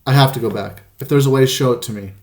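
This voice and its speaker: A man's voice: mid-range voice, quick pace, darkish tone, close to an everyday voice. A man voicing a loyal, determined male dog who talks in an urgent, earnest way. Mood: pleading.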